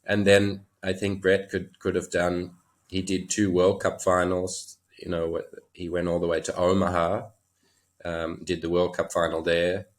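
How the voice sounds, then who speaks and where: Deep-voiced and unhurried, he speaks with a completely flat delivery. He's an Australian horse trainer on a podcast, spinning casual interview anecdotes in a relaxed, chuckling manner full of filler words.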